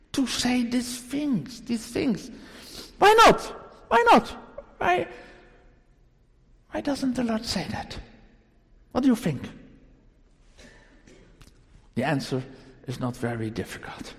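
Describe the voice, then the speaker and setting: A man's voice: very high voice, big pitch swings, big-room sound. A man preaching a sermon to a congregation, emphatic and full of rhetorical questions. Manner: slow, deliberate delivery with sudden rises. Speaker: pastor. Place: church.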